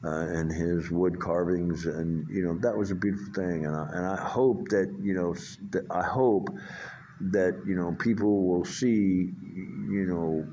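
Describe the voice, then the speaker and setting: A man's voice: deep voice, fairly even intonation, unhurried, dark tone, slight background noise. An older man talks in a rambling, profane vlog monologue, full of fillers and restarts. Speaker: vlogger.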